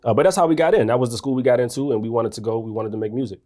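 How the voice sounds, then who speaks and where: A man from Washington, D.C., a guest author and musician, telling long stories in a relaxed way. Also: mid-range voice, rapid-fire. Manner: laid-back, talks in long rambling stories. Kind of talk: casual interview storytelling.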